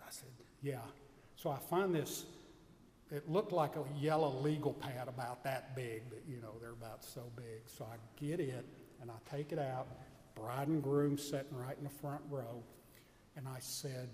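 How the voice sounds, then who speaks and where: A man's voice: mid-range voice, steady tone, moderate pace, a little mellow, long reverb tail. A man giving a homily, telling a funny story full of quoted dialogue.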